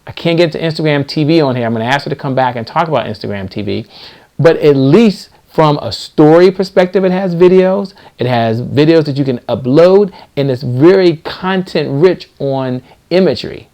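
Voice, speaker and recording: A man's voice: a little high, animated, normal speed, warm tone. A middle-aged man hosting a live stream, speaking in a preachy, motivational way and repeating key lines for emphasis. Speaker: host.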